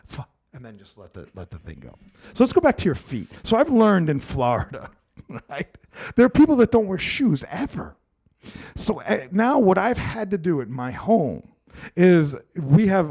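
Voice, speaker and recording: A man from Brooklyn hosting a casual comedy podcast, talking in a loose, swearing, restart-heavy way. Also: on the high side. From Brooklyn, New York. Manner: animated, swears freely, frequent restarts. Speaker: podcast host.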